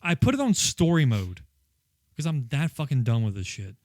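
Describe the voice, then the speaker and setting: A man's voice: mid-range voice, huge pitch swings, normal speed, a little mellow, dry recording. A man co-hosting a casual podcast, telling a frustrated, profane story about a video game. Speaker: podcast co-host.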